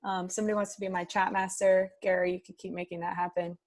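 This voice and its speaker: A woman teaching an online high school class, chatty and upbeat, reading replies from the chat aloud over a video-call mic. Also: flat delivery, fast, hardly any pauses.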